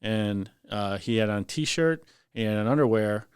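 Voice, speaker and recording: Deep-voiced man telling a fire rescue story. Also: unhurried, clear, resonant tone, no echo, clean studio sound. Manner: animated, acts out voices in his story. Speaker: firefighter lieutenant guest. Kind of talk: casual storytelling on a podcast.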